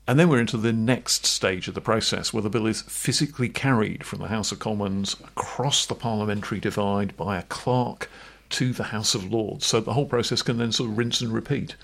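Male podcast co-host, gravelly low voice, wry explainer. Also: fairly quick, a bit bright. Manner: wry, informal, jokey asides. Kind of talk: explanatory chat.

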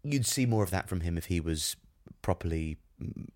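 A man's voice: low-pitched, animated, moderate pace, a little mellow. A man co-hosting a podcast in casual comedic chat, wry and rambling, often circling back on his words. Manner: wry, rambling, many fillers and restarts. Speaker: podcast co-host.

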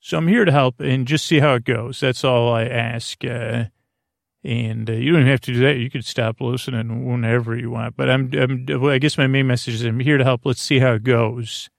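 A man hosting a sleep podcast, talking in a meandering way with lots of fillers and restarts, with a creaky voice. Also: mid-range voice, steady tone, normal speed, dry recording, clean studio sound. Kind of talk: rambling bedtime monologue.

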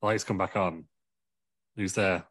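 A man's voice: sits low, steady tone, unhurried, fairly bright tone, no echo. A man telling a rambling comic wrestling story, laughing through his own jokes. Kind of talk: comedic storytelling.

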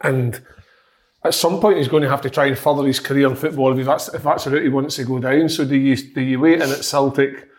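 Speaking briskly in a steady, mid-range voice, a Scottish man offers his take on football during a relaxed podcast conversation. As a pundit, he comes across as thoughtful, echoing words while he figures out what he means.

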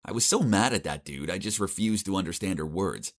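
A young man narrates a first-person story with dramatic, comic flair. His voice sits on the low side, yet his pitch leaps and dips all over as he plays up each moment. He tells it like an animated storybook. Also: a little fast. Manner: expressive, dramatic comic delivery.

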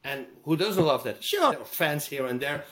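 Lively, emphatic man with roots. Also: a little high, moderate pace. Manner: lively, emphatic, acts out quotes with sound effects. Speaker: guest. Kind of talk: animated storytelling interview.

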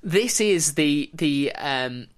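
Woman host, low-pitched, wry and jokey, telling history to a co-host. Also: animated, very slow. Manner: wry, jokey, breaks into laughter. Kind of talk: casual storytelling chat.

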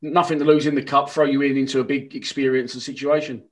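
Fast-talking host prompting a guest. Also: male voice, medium pitch, flat delivery. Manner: quick, prompting and chatty. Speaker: podcast host. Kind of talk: casual interview chat.

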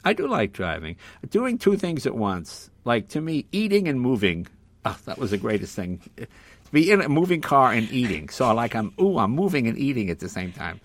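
An older man telling casual stories as a podcast guest, acting out the other voices with loud shouts. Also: medium pitch, moderate pace, dry recording. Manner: animated storyteller, acts out voices loudly. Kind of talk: casual storytelling.

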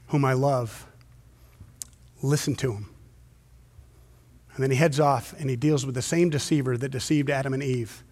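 A male pastor preaching a sermon, swinging from hushed, slow storytelling to loud, intense emphasis. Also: medium pitch. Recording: long hall reverb.

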